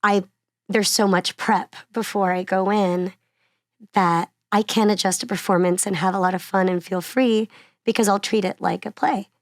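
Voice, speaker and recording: Lively chatty woman from Miami. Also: medium pitch, moderate pace, no echo, studio quality. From Miami, Florida. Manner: animated storyteller, laughs often between phrases; chatty, uses many fillers like "like" and "you know". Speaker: actress and singer-songwriter guest. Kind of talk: casual conversational interview.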